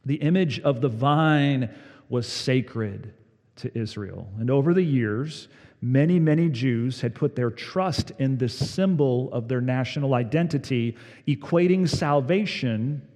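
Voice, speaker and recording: A man preaching a sermon as pastor, leaning hard on key words, then dropping his voice low. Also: animated, a little slow, mellow, in a large hall.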